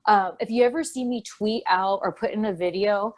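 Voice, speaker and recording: A woman's voice: mid-range voice, brisk, hardly any pauses. A woman co-hosting a casual podcast, chatting in a rambling way and laughing often. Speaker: co-host.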